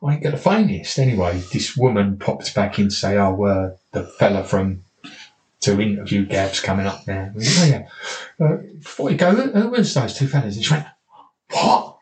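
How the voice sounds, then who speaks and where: A man's voice: fairly low pitch, animated, moderate pace, a little mellow. A man with a South East English accent, a boxing trainer telling rambling anecdotes with restarts and quoted dialogue. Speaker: boxing trainer, podcast guest. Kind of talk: casual storytelling. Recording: roomy echo, faint noise.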